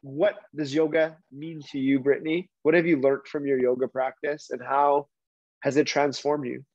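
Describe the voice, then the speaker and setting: A man hosting a podcast, asking the guest measured, earnest questions. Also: mid-range voice, little pitch movement, darkish tone, dry recording. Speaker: podcast host. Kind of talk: interview questions. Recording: dull, lo-fi, dry.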